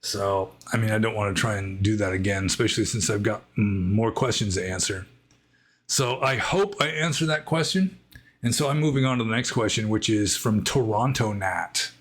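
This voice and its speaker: A Buddhist monk answering viewer questions in a casual monologue, thinking aloud and rambling with frequent "I mean" asides. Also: male voice, on the low side, moderate pace.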